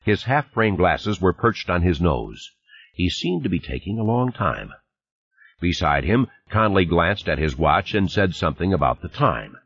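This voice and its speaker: A man narrates an audiobook in a very deep, husky voice, reading in a measured but lively way. The pitch moves widely, and the sound is dull and lo-fi, as from an old cassette tape. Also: dry recording. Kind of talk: scripted narration.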